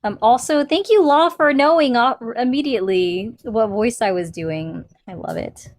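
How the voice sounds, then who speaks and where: A woman's voice: fairly high pitch, normal speed. Playful teasing woman co-host. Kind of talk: live-stream banter.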